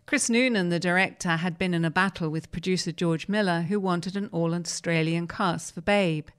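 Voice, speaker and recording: Woman host reading out an interview piece, lowish voice, calm storytelling pace. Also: moderate pace, clear, resonant tone. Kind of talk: reading a magazine article aloud.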